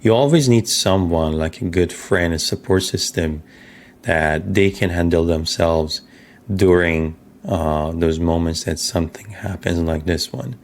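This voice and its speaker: Deep, slow-talking man commenting. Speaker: reaction channel host. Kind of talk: reaction commentary.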